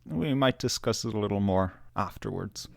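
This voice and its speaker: A man's voice: fairly low pitch, lively intonation, moderate pace, vocal fry, dry recording. A man giving sarcastic, conversational commentary on a video. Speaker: video reviewer.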